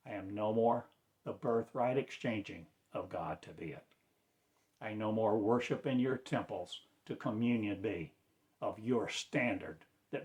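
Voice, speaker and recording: A man preaching in a slow, declamatory way, with sudden loud rises in his voice. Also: fairly low pitch. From United States. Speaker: self-styled spiritual teacher. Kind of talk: impassioned preaching.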